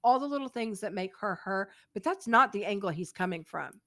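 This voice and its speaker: A woman co-hosting a podcast, agreeable and quick to laugh, often chiming in with short affirmations during casual chat. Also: mid-range voice, expressive, a bit bright. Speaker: podcast co-host. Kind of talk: casual reality-TV recap chat.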